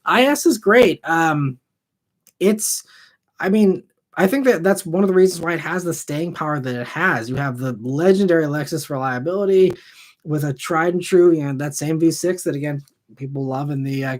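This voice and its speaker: A man's voice: fairly high pitch, normal speed. Upbeat man rambling through chat questions. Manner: relaxed and rambling, with many ums and restarts. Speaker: car channel host answering live chat questions. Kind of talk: casual live-stream chat.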